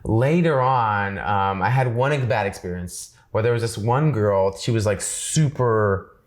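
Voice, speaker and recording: A man's voice: fairly low pitch, unhurried. A man telling a story in casual conversation, rambling and restarting, laughing often and acting out quoted lines. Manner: rambling, self-interrupting, laughs often, acts out quoted dialogue. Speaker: interview guest.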